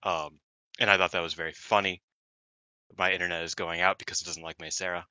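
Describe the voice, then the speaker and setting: A man co-hosting a podcast over an internet call, chatting excitedly and mimicking people in higher voices. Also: a little fast, dry recording. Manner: excitable, acts out quotes in high voices. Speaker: podcast co-host. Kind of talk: casual chat. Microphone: home mic over internet call.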